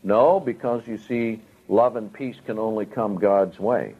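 Slow emphatic male preacher, tinny sound. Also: fairly low pitch, breathy edge. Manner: emphatic, rising and falling for stress. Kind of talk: sermon. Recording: tinny phone-like audio.

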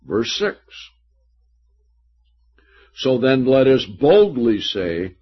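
A man's voice: mid-range voice, very animated, breathy edge. A man preaching a sermon, reading scripture aloud and stressing points emphatically. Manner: slow, emphatic Bible teaching with scripture readings. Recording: dull lo-fi recording.

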